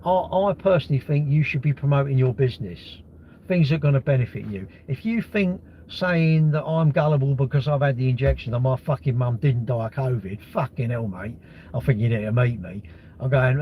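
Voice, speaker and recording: A man's voice: medium pitch, fairly quick, slight background noise. A middle-aged man hosting a livestream, ranting bluntly and swearing, firing rhetorical questions at his viewers. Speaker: livestream host. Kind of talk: casual livestream rant. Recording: dull lo-fi stream audio.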